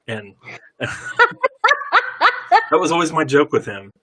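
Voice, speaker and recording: A man's voice: a little high, huge pitch swings, extremely slow, bright, forceful tone. A man hosting a casual chat, telling stories animatedly and laughing often. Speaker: host.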